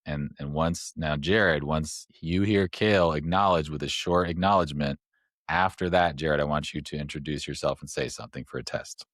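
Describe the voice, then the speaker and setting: Brief: male podcast host, extremely deep voice, rambling casual explainer, dry close sound. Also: steady tone, moderate pace, a bit bright, dry recording. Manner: rambling, explains step by step with fillers.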